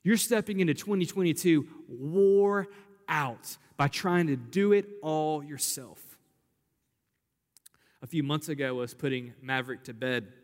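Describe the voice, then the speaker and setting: A man's voice: a little high, unhurried. Young male pastor preaching in a hall. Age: young adult. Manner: earnest, conversational preaching with repetitions. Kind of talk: sermon. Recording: hall reverb.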